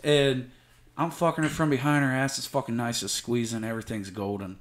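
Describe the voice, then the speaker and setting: Young man, podcast guest, crude storytelling, profane, middle pitch. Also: flat delivery, fairly quick, over a noisy crowd. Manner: crude, profane anecdote telling. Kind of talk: casual podcast chat.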